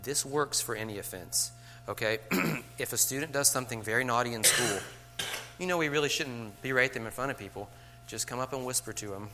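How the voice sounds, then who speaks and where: A man's voice: medium pitch, fairly quick, noisy background. A man giving a casual, joking workshop talk to fellow teachers, acting out what students say. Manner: joking, conversational, acts out students' lines. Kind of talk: casual lecture.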